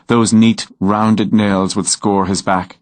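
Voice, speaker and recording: A man narrating a romance novel in a measured, unhurried storytelling manner. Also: fairly low pitch, little pitch movement, no room sound. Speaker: audiobook narrator.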